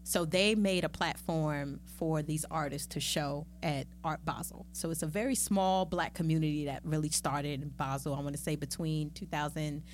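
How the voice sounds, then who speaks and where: A middle-aged woman talking as a podcast guest in a casual, lively and playful way, with chatty asides. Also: low voice, moderate pace, few pauses, slight background noise. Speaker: podcast guest, magazine founder. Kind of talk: casual conversational interview.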